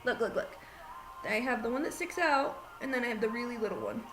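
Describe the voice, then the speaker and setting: A woman's voice: fairly high pitch, expressive, a little fast, over music, low-quality recording. A woman chatting in a bubbly, giggly way, telling funny stories. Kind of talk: casual comedic chat.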